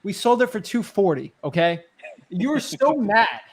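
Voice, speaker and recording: An animated man in a loose chat, telling stories about deals and tossing out tips. His voice sits high for a man and runs light. He laughs easily as he talks. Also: moderate pace, husky. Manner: animated storyteller, laughs while recounting. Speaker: real estate wholesaler, guest. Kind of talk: casual storytelling chat.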